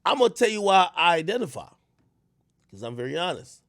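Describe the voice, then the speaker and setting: A man streaming and rambling on in casual commentary, his pitch jumping all over as he goes from low mutters to loud bursts. He restarts his sentences often with stammered fillers. The sound is dry and close. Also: a little fast, no room sound. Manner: rambling, animated, swings from low mutters to shouts. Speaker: streamer host.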